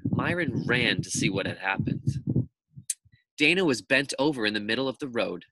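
A man, a teacher, reading a children's chapter book aloud to his class in a lively, expressive storytelling manner. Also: medium pitch, moderate pace, dry recording.

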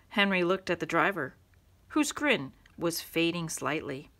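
A woman reads a children's storybook aloud to young listeners, bringing it to life with expressive storytelling. Her voice is lowish and her pace a little slow.

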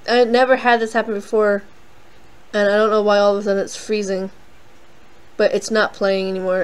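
A woman's voice: medium pitch, smooth, rough recording. A young woman hosting a casual game playthrough, rambling and self-deprecating with lots of fillers. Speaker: let's play host.

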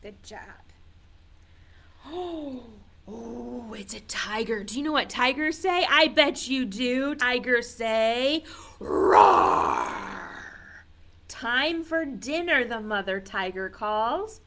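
A woman's voice: on the high side, takes it slowly, sharp tone. A woman reading a picture book aloud to toddlers as a children's librarian, playful and sing-song, coaxing the little ones to join in.

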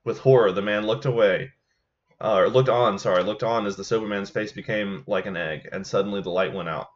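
A young man, a peer mentor, reading a ghost story aloud to students at a measured pace, sometimes correcting himself. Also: lowish voice. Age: young adult. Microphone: computer mic on a voice call. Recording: dull lo-fi online call audio.

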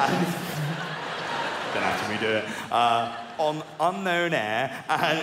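A man with an English accent doing stand-up comedy, animated, sweary and mock-indignant. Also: fairly high pitch, unhurried. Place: live comedy venue. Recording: echoey hall, loud crowd noise.

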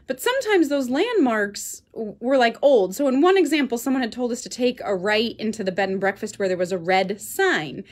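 Animated chatty woman instructor. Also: on the high side, moderate pace, few pauses. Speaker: Pilates instructor. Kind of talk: telling a story during a workout class.

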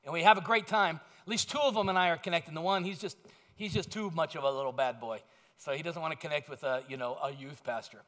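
A man's voice: a little high, quick pace, a bit bright. A man pastor giving a sermon in a conversational storytelling way, with self-deprecating asides.

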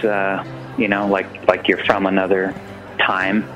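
A man hosting a podcast in a casual, reflective chat, halting and full of fillers. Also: sits low, monotone, fairly bright tone, poor audio. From San Francisco. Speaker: podcast host.

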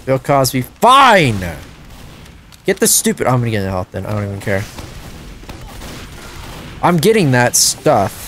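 A man giving live gameplay commentary as a channel host, excitable and prone to loud frustrated outbursts and swearing. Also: medium pitch, moderate pace, long pauses, soft background music.

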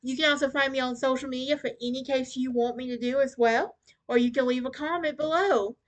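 High-voiced young woman podcast host. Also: fairly even intonation, fairly quick. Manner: chatty, stumbles and restarts over names. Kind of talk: casual true crime podcast narration.

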